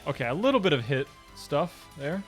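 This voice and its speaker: A man's voice: on the high side, very animated, a little fast, soft background music. A young man chatting casually with his stream chat while speedrunning a game, loose, profane and talkative. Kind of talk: live gaming stream chat.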